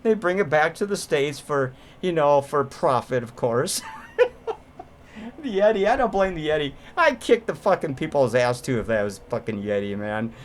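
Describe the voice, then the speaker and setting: Brief: man, casual cursing film reviewer, lively pitch, laughs a lot. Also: normal speed, a little hiss or hum. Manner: profane, laughing, rambling. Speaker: movie reviewer. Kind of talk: casual movie review commentary.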